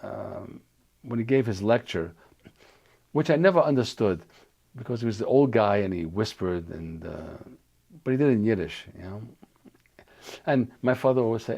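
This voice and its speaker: A man's voice: on the low side, expressive, moderate pace, gravelly, pauses often, mellow. An older man from New York reminiscing in an oral history interview, talking loosely with restarts and fillers.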